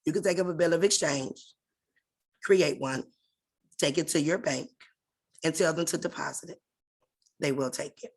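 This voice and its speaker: A woman's voice: low-pitched, normal speed, pauses often, darkish tone, slightly rough. A woman leading an online class over a video call, in a casual and direct instructional tone that addresses her listeners familiarly.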